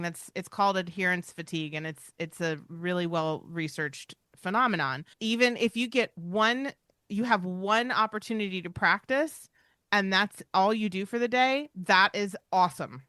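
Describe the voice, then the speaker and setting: A woman's voice: medium pitch, normal speed, sharp tone, smooth, no echo, clean studio sound. A woman co-hosting a podcast about dog training, talking in an emphatic, reassuring, chatty way. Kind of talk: casual podcast chat.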